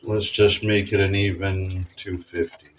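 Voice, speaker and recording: Slow, low-voiced man cooking at home. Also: little pitch movement, a little hiss or hum, low-quality recording. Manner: rambling, self-correcting, chatty. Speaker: cooking vlogger. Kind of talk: casual cooking demonstration. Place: home kitchen.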